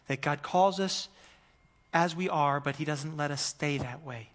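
High-voiced pastor preaching casual style, gets loud then real quiet, long echo in the sanctuary. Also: male voice, unhurried. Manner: conversational preaching, swings from loud emphasis to hushed. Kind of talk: sermon.

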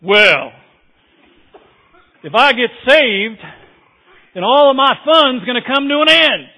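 A man's voice: very high-pitched, lively intonation, slow, sharp tone, full character voice. A man putting on a voice for a skeptic who grumbles that his fun will end, in a whiny complaining tone. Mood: grumbling. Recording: tinny phone-like sound.

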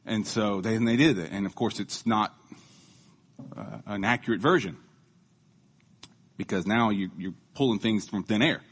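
A man's voice: fairly low pitch, normal speed, long pauses, breathy edge. A man giving a casual sermon in a conversational, joking, self-deprecating manner. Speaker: lay preacher.

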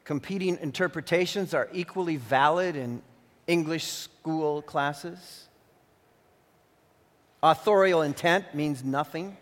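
A male pastor preaches with earnest warnings and also narrates a storybook tale. His voice sits fairly high. A long hall reverb follows every phrase. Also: takes it slowly. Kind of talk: sermon.

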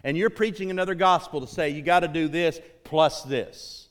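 A middle-aged man preaching a sermon, building to loud, impassioned emphasis on key lines. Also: fairly high pitch, normal speed.

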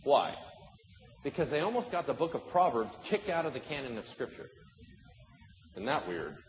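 A man's voice: medium pitch, sing-song, normal speed. A male pastor preaching a sermon with humor, acting out little dialogues as he speaks. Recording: echoey hall, dull sound, faint noise.

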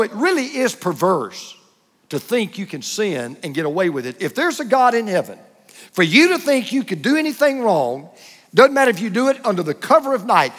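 A man's voice: high voice, fairly bright tone, big-room sound. A man preaching a sermon as pastor, emphatic and driving his points home with short repeated contrasts.

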